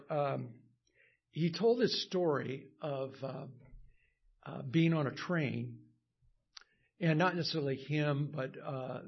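A male pastor leading a prayer and telling a story in a sermon, halting with many fillers and restarts, growing animated as the story builds. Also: a little high, husky, lo-fi sound. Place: church.

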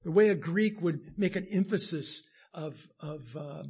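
A male pastor with a slightly high, husky voice delivers a sermon in halting stretches full of fillers and restarts. He builds to emphatic, insistent peaks. The recording sounds dull and lo-fi.

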